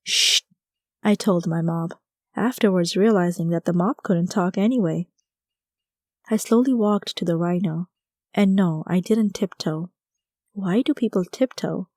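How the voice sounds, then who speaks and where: A woman narrates a first-person audiobook in a wry, conversational way. Her voice is mellow and soft-edged. The recording is dry and close, with no room sound. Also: on the low side, measured pace, no echo.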